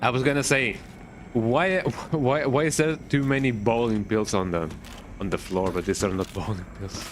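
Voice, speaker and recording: A man's voice: mid-range voice, steady tone, normal speed, slight background noise. A man streaming a horror game, thinking aloud in a chatty, playful way and often tagging remarks with "eh?". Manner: thinks aloud, repeats words in silly riffs. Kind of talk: casual gaming commentary.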